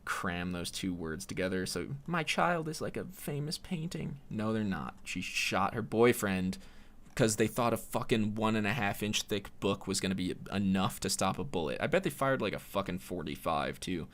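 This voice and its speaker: A man's voice: low voice, moderate pace, a bit bright. A man hosting a solo podcast, rambling in a profane, sardonic way. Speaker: podcast host.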